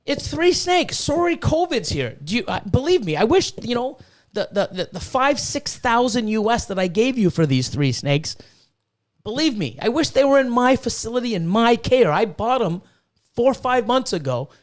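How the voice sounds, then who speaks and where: A man's voice: very high voice, very animated, moderate pace. A man hosting a podcast, ranting heatedly with lots of swearing and stumbling restarts. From Canada. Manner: heated, profane, full of restarts. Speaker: podcast host and snake breeder. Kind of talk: casual podcast rant.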